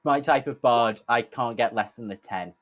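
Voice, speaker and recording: Man, mid-pitch, casual tabletop player. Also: moderate pace. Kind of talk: casual tabletop game chat.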